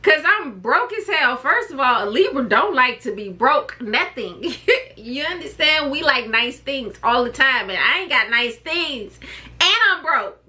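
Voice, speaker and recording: Speaking at a measured pace in a voice that sits high, a mother who vlogs shares a personal story with her camera. She's chatty and expressive and keeps wandering off on side topics.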